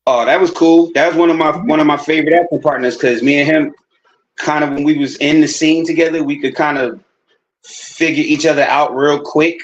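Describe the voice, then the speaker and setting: A man's voice: a little high, fairly even intonation, brisk. Laid-back man, dull lo-fi sound. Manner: laid-back, rambling with many restarts. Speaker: actor guest. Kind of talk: casual interview chat.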